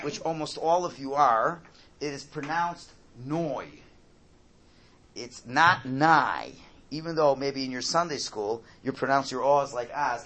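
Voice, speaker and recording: A man teaching a religious class, explaining slowly, repeating his key points, and often checking in with "right?". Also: on the high side, sharp tone. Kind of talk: classroom Torah lesson.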